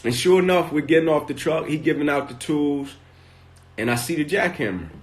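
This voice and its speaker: A motivational speaker with an animated, slightly high voice tells a personal story a little fast on a live stream from his phone. He ends almost every sentence with "right?" and grows more intense as he goes.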